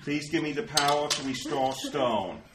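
A man's voice: fairly high pitch, moderate pace. A man playing in a tabletop game who speaks hesitantly and earnestly, with fillers. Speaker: player. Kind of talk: tabletop role-play. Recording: echoey room with loud background noise.

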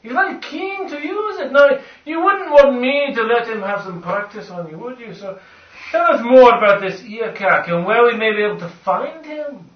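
A man voicing a gruff male dwarf cleric who interrogates with mocking, sly threats, in a dull, distant, echoey recording. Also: extremely high pitch, animated, normal speed. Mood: taunting.

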